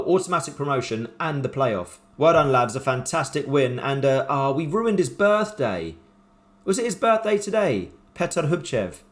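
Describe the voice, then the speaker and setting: Excitable man commentating his game. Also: mid-range voice. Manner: excitable, mock-commentates the match, flips between hope and panic. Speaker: gaming YouTuber playing a football management game. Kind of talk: casual gameplay commentary. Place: home room with shelves and a cushion.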